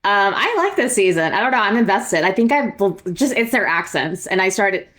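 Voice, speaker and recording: A woman chats on a podcast in a relaxed, conversational way. She often chimes in with short agreements while her co-host talks. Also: mid-range voice, normal speed. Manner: agreeable, frequent short backchannels. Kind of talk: casual chat.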